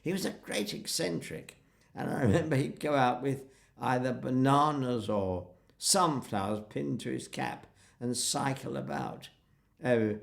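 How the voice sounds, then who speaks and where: An older man being interviewed, reminiscing in an animated storytelling way. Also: medium pitch, a little slow, gravelly. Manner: animated storyteller acting out quotes. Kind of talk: reminiscing conversation.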